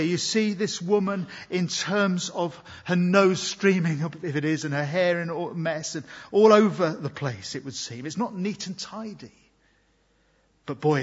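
A man preaching a sermon in an earnest, reflective way, moving between loud emphasis and quiet asides. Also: on the high side, breathy edge. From Britain. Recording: long hall reverb, dull lo-fi sound.

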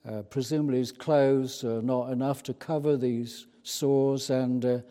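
A British man preaches slowly, his voice mellow and dark. He talks in an easygoing, chatty way, pausing often on hesitant fillers. The hall gives his words a long, echoing reverb. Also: mid-range voice, steady tone. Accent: British English. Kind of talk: sermon.

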